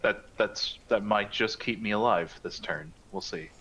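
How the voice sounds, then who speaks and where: A man's voice: fairly low pitch, unhurried, a bit bright, highs cut off. A man playing in a tabletop game, chiming in with short reactions. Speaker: player.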